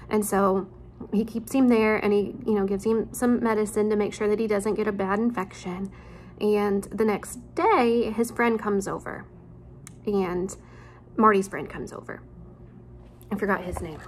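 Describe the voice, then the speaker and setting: A woman's voice: mid-range voice, fairly even intonation, a little slow, a little hiss or hum. A woman teacher at home, chatting casually with her students and retelling a story in an informal way, with frequent ums and asides. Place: at home, near a laundry room.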